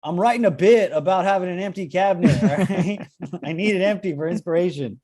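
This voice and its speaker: A man co-hosting a podcast, throwing in quick joking asides during casual chat. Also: high-pitched, a little mellow.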